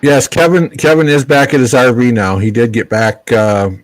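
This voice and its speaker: A man's voice: mid-range voice, steady tone, normal speed, no room sound, poor audio. A man telling stories in casual livestream chat, laughing at his own stories.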